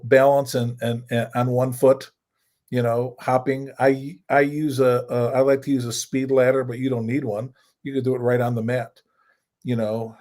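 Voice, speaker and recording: A man's voice: mid-range voice, darkish tone. An older man, a judo coach and co-host, giving casual coaching talk in a folksy way, repeating points for emphasis.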